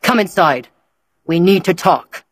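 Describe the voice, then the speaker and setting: A woman's voice: on the low side, expressive, measured pace, husky, no room sound. A woman reading the lines of a bullying middle-aged father who snaps harshly. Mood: angry. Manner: harsh, snapping.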